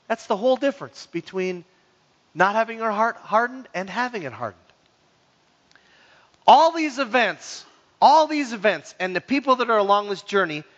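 A man preaching a sermon as pastor, joking and acting out the people's grumbling. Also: sits high. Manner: lively, joking, acts out grumbling voices. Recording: dull sound in a reverberant hall.

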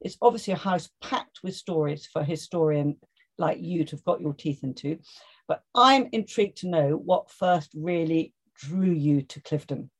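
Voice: mid-range voice, moderate pace. Polite podcast co-host asking long questions. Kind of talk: interview hosting.

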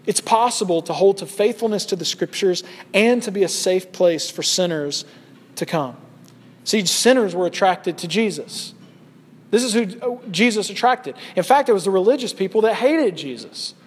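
A man's voice: high voice, lively intonation, normal speed, husky. A man in his thirties preaching an earnest sermon as a pastor, pressing questions on his listeners. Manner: earnest, rising to loud acted shouts in quotes. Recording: long hall reverb.

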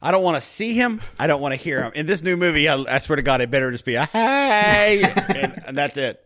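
A man's voice: fairly high pitch, fast, fairly bright tone. A man from the Southern US with a slight Southern accent, hosting a casual movie commentary podcast, retelling scenes and quoting lines between laughs. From Southern United States. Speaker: podcast host.

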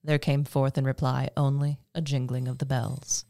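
A man with a gravelly voice reading a classic horror story as narrator and host, measured and dramatic. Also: mid-range voice, level tone, dark tone, no room sound, studio quality. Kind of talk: scripted audiobook narration.

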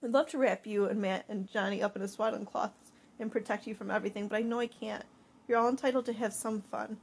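A woman's voice: medium pitch, fairly even intonation, fast, creaky, slight background noise, close to an everyday voice. A woman voicing a worried middle-aged mother, stern but loving, in an audiobook reading. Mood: gentle. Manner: sharp and scolding, then gentle.

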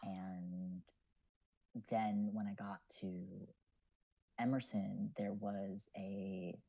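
A man's voice: fairly low pitch, little pitch movement, extremely slow, creaky, warm tone, poor audio. A man in his twenties, a student writer and podcast guest, talking in an earnest, reflective way with many fillers. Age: 20s. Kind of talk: casual podcast chat.

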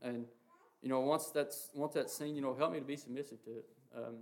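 A man preaching an informal sermon in a flat, even voice at a middling pitch. He talks haltingly, leaning on fillers, earnest throughout. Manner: halting, heavy with "you know" and "um" fillers; earnest, reads scripture quotes aloud. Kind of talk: informal sermon on the Lord's Prayer.

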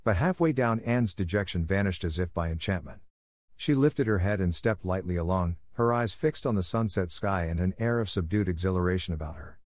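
A man narrating an audiobook with a measured, expressive reading. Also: sits low, no room sound, clean studio sound.

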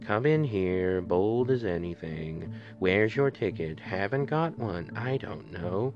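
A gruff, gloomy old Scotty dog who guards a theater door grumbles in a low voice, as a man puts him on while reading a storybook. He sounds put out and impatient. The audio is dull and lo-fi. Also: animated, takes it slowly, soft background music.

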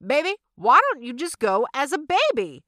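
A woman voicing her eccentric, doting Southern mother in a high, coaxing drawl. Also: wildly swooping pitch, normal speed, fairly bright tone, no echo, clean studio sound, exaggerated voice. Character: doting eccentric Southern mama, middle-aged.

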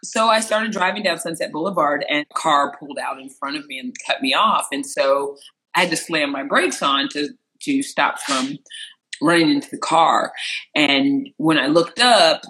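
An entertainment interviewer from rural Missouri telling a personal story in a lively way, acting out what others said with sudden jumps in pitch. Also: normal speed, rough recording. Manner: animated, acts out quotes with sharp jumps in pitch.

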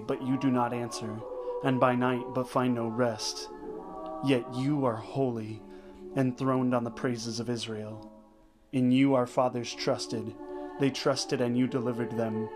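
A man leading the rosary, reading scripture and prayers in a measured, solemn way, phrase by phrase. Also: medium pitch. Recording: voice over clear background music. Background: sacred choral music.

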